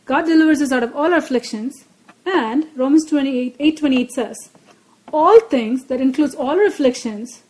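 A woman's voice: high-pitched, a little mellow, rough recording. A woman preaching a Bible lesson, earnest and repeating her key phrases for emphasis. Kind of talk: Bible teaching.

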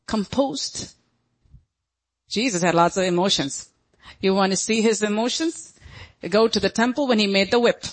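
A woman's voice: mid-range voice, breathy edge. A woman pastor preaching a sermon in an emphatic, dramatic way, often acting out quotes.

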